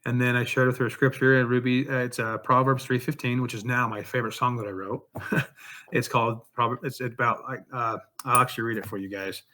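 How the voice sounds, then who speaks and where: A man's voice: medium pitch, steady tone, a little fast, sharp tone. A man being interviewed as an author and songwriter, telling a personal story in an earnest, heartfelt way.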